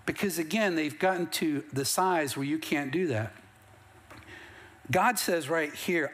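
A man's voice: a little high, a little slow, a bit bright. A middle-aged man preaching a sermon as pastor, moving between plain, conversational storytelling and rising bursts of emphasis. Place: church sanctuary.

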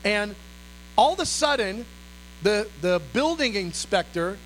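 A male pastor telling a story in an animated, dramatic sermon style. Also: high-pitched, measured pace, a little hiss or hum, rough recording.

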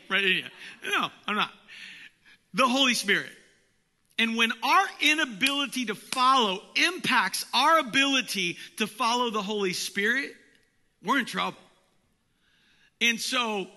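A man preaching with a high, very bright, forceful voice, earnest and intent, at times easing into a hushed, confiding telling. His words carry a long reverb from a big church sanctuary. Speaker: pastor. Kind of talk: sermon.

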